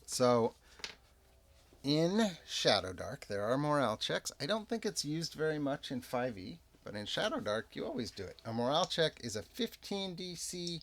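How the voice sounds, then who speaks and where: A man narrating and rules-explaining a solo tabletop role-playing game in an unhurried, chatty way. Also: medium pitch, a little hiss or hum. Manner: unhurried, chatty, lively ups and downs. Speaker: game master and player.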